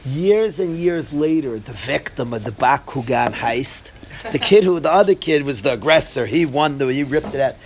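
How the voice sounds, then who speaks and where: A man giving an informal Torah class as a rabbi, telling a story with lively energy and asking his listeners questions. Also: mid-range voice, moderate pace, slight background noise. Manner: animated storytelling, asks the audience.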